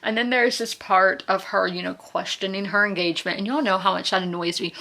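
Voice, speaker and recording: A woman's voice: mid-range voice, fairly quick, few pauses, sharp tone. A woman, chatting casually and rambling about a book, with lots of fillers and self-corrections. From South Carolina, US. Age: 20s. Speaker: book vlogger. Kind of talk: casual book review chat.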